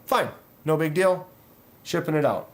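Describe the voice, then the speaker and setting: A man's voice: fairly high pitch, animated, unhurried. A man hosting a knife channel, telling a long frustrated story in a rambling way, with sighs and restarts. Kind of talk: casual livestream chat.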